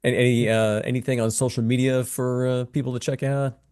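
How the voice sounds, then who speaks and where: A man's voice: medium pitch, level tone, a little fast, a little mellow. A man hosting an interview in a friendly, loose way, with lots of fillers, thanking the guests and signing off. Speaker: interview host.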